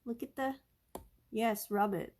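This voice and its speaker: A woman's voice: on the high side, measured pace, darkish tone. A woman chatting casually on a live stream while she paints at home, rambling and coaxing her cats over.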